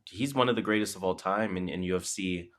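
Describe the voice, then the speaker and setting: A man with a Toronto accent co-hosts a podcast in loose, casual chat. His voice is very low, with a bright, forceful edge. He swears freely and fills his talk with "um" and "uh.". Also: a little fast. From Canada. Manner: laid-back, swears freely, lots of fillers. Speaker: podcast co-host.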